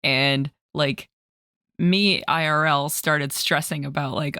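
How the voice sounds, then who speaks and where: A woman's voice: sits low, takes it slowly, dry recording, studio quality. A woman player chatting about a tabletop game, telling stories with lots of laughter. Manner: chatty, laughs often, animated storytelling. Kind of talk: casual podcast chat about a game.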